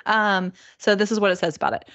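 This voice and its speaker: A woman co-hosting a casual book podcast, laughing often and reading blurbs aloud in a slow, deliberate audiobook voice. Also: medium pitch, a bit bright, dry recording. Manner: giggly, reads blurbs in a slow put-on audiobook voice. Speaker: podcast co-host.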